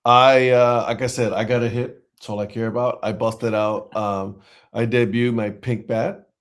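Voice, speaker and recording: A man's voice: mid-range voice, flat delivery, moderate pace. A man co-hosting a casual chat podcast, talking in a loose, rambling way with many fillers and restarts. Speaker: podcast co-host.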